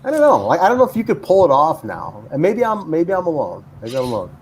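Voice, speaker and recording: A man hosts a casual chat show with a lively, up-and-down voice. He rambles and restarts often. There is a faint hiss behind him. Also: on the high side, quick pace. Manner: rambling, many fillers and restarts. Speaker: podcast host.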